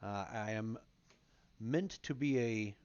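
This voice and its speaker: A man voicing a smooth-talking male half-elf bard and court advisor with a southern accent and an unhurried drawl. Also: lowish voice, darkish tone, muffled recording, voice pushed down. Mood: suave. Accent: American Southern. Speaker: player. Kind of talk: tabletop role-play character introduction.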